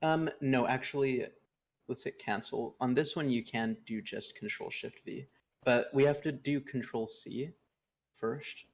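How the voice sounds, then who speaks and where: A man's voice: medium pitch, unhurried, creaky, slight background noise. A man giving patient, step-by-step instructions in a casual livestream tutorial. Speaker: guest teaching neovim.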